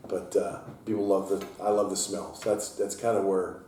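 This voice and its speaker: A brewery owner and head brewer tells stories in a casual interview inside his taproom, acting out the people he quotes in a raised voice. His low voice is warm and steady at a normal speed. The room is echoey, the mic is at a distance, and there's a faint hiss.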